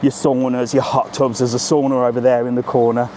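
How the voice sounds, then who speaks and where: Walking around a hotel resort outdoors, a middle-aged travel vlogger gives a live tour to his phone camera at a brisk pace. His voice is medium in pitch, with a slight hiss or hum behind it, and he stays chatty and animated, saying "look" again and again.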